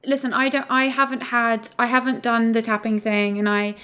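Emotional woman guest with a slightly high voice. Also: level tone, moderate pace, sharp tone, clean tone. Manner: emotional, earnest. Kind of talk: casual chat.

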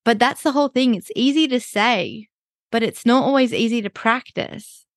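A woman co-hosting a casual wellness podcast, chatty and quick to agree, often saying "like". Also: a little high, animated, dry recording, clean studio sound. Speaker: podcast co-host.

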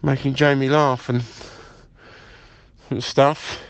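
A man's voice: medium pitch, flat delivery, slow pace, smooth, no echo. A man leaving pushy, conspiratorial voicemails, calling the listener mate. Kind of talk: improvised comedy voicemail. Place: car.

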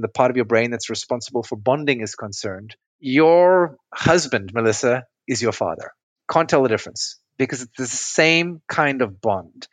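A man's voice: mid-range voice, a bit bright, no room sound. A man speaking as a relationship coach and podcast guest, patiently explaining ideas through metaphors and checking whether they make sense. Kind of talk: conversational interview explanation.

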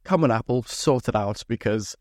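A man's voice: medium pitch, moderate pace, a little mellow, dry recording, clean studio sound. A young man hosting his own podcast, ranting in a casual, sweary and exasperated way. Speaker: podcast host. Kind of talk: solo casual podcast rant.

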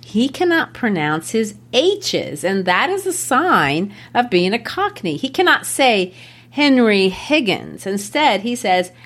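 A woman with a mid-range voice analyzes a stage play in a relaxed co-hosted discussion. She is clearly amused by the characters and explains them in careful detail. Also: mid-range voice, takes it slowly. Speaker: podcast co-host discussing a play. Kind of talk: casual literary discussion.

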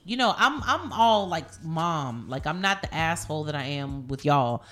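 A woman in casual chat, telling stories with heavy profanity and animated, rising outbursts. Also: on the low side, measured pace.

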